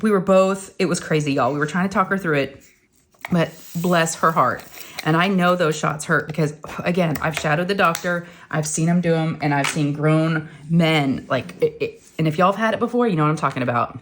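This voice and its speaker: A woman's voice: sits low, fairly quick, slight background noise. A middle-aged woman, chatting casually as a crafting channel host and telling a long story full of acted-out quotes. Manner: rambling storyteller, acts out quotes. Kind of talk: casual chat while crafting.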